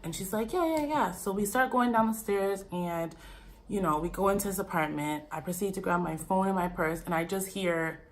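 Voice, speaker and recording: A young woman tells a wild personal story to her viewers in a chatty, animated way. Her voice sits a little low for a woman. She keeps turning to her audience as "you guys". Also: moderate pace. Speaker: YouTuber. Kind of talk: storytime vlog.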